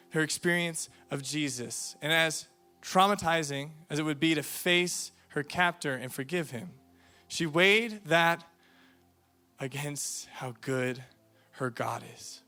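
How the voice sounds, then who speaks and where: Bright-toned earnest young preacher man. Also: on the high side. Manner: earnest storytelling, reads quotes aloud, varies volume for emphasis. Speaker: youth camp speaker. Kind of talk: youth sermon.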